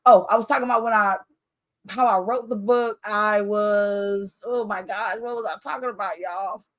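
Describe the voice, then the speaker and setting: A woman's voice: mid-range voice, moderate pace. A woman author hosting her own book launch in casual, rambling chat that keeps losing its thread. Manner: chatty, rambling, loses her train of thought; expressive, animated with laughter.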